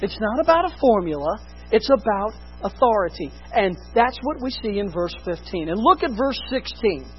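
A preacher giving an expository sermon, emphatic, rising to loud stresses and dropping to hushed lows. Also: sing-song, moderate pace, muffled recording, a little hiss or hum.

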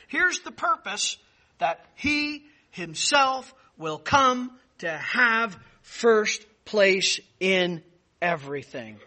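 A man's voice: high voice, bright, forceful tone. A man preaching a Bible-study sermon, emphatic, with repeated phrases that build in force. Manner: emphatic, repeats key words, rises for stress. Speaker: pastor. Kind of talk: expository sermon.

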